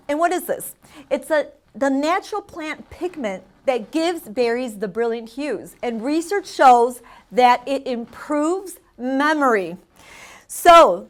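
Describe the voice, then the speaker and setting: A woman hosting a community TV lesson, chatting casually and drilling vocabulary with loud, repeated prompts. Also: sits high. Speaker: Spanish teacher and show host. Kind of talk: casual teaching on a community TV show.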